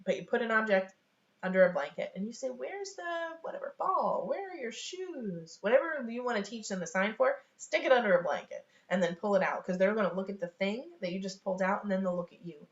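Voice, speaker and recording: A woman's voice: mid-range voice, fast. A woman teaching sign language online in a loose, chatty way, with many fillers and small laughs, from a room at home. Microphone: webcam on a video call. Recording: echoey, dull home webcam recording.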